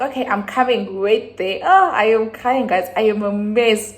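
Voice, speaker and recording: A young South African woman with a South African accent, casually retelling a personal story in a rambling, animated way, jumping to sudden high exclamations. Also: unhurried, few pauses. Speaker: YouTuber.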